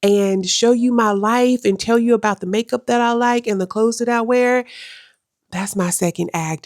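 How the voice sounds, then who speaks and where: A woman's voice: medium pitch, darkish tone, dry recording, clean studio sound. A young adult woman vlogging at home, talking to the camera in a casual, emphatic way and repeating phrases for effect. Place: at home in her room.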